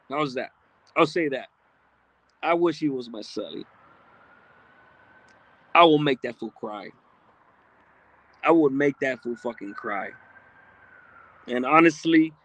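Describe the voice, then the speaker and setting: A man's voice: on the high side, a bit bright. A man hosting a livestream, reading viewer comments aloud in a blunt, streetwise, casual way with frequent profanity. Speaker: livestream host.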